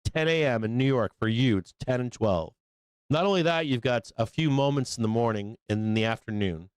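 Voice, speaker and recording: Male trading-show host, smooth clear voice, dry close mic, loose and profane, mid pitch. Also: no echo. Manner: profane, casual, acts out traders in quick asides. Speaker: stock market show host. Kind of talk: live trading explanation.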